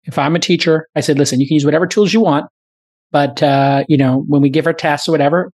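A man hosting a podcast, riffing quickly in casual chat at a studio mic. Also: a little high, fairly even intonation, darkish tone, husky, dry recording. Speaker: podcast host.

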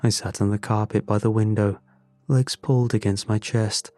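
A man narrating a first-person story in a slow, measured, somber manner. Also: fairly low pitch, fairly even intonation, mellow, no echo, faint music behind.

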